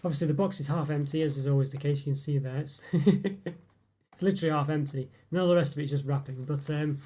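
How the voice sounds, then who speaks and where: This snack-reviewing streamer speaks fast in a warm, fairly high voice. Chatting casually through viewer comments, he rambles along with lots of fillers and laughs.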